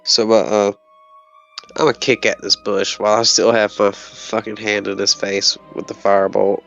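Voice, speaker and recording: Low, gravelly male player, blunt and aggressive, dull lo-fi audio. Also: level tone, normal speed, a bit bright, faint music behind. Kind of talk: playing a tabletop game.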